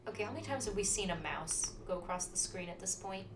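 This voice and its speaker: A woman's voice: mid-range voice, expressive, fast, over music, poor audio. A woman casually commenting while playing a video game, joking and reading lines aloud. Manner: playful, jokey, reads game dialogue aloud in put-on accents. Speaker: gameplay commentator. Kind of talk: casual let's-play chat.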